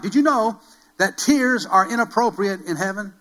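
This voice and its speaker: Male pastor, high bright sermon voice, emphatic and repetitive. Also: animated, normal speed, rough recording. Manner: emphatic, repeats key phrases, builds to loud calls; rhetorical questions to the congregation.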